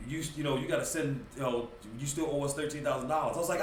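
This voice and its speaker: A man's voice: a little high, very fast, few pauses, background noise. A man on a podcast telling a story in casual talk, acting out what people said and laughing as he goes. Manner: animated storyteller, acts out quotes, laughs as he talks. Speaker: podcast guest. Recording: roomy, slightly distant mic, faint ambience.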